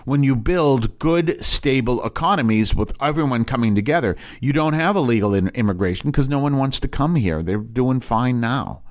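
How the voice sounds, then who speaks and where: A man's voice: mid-range voice, expressive, moderate pace, few pauses. A man, a priest hosting a broadcast, teaching in a rambling, emphatic way with many restarts and asides. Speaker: priest and show host.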